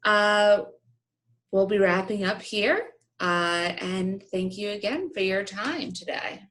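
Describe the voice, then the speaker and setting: A woman's voice: medium pitch, slow, a bit bright. Female host, polite wrap-up thanks to a guest.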